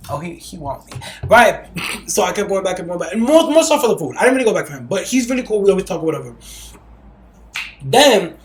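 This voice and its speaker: A man hosting a podcast, telling stories in a casual, animated, profane way. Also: high voice, fairly quick, pauses often, roomy sound. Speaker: podcast host. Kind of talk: casual chat.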